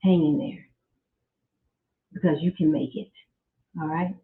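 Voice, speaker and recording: A middle-aged woman speaks slowly and earnestly, breaking into religious exclamations as she shares her story. She has a medium voice. The sound is thin and phone-like, with an echoey room around her. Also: deep voice, fairly even intonation. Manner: slow, heartfelt, with religious exclamations. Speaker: podcast host. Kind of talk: casual faith-based personal talk. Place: at home.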